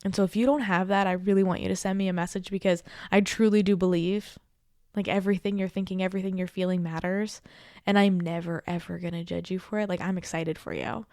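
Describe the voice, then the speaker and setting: A woman's voice: on the low side, steady tone, fast talker, a little mellow, no room sound, clean studio sound. A woman in her thirties hosting a casual podcast as a coach, encouraging and chatty, often checking in with "okay?" and "right?". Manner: chatty with laughs and asides. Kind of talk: casual heartfelt podcast talk.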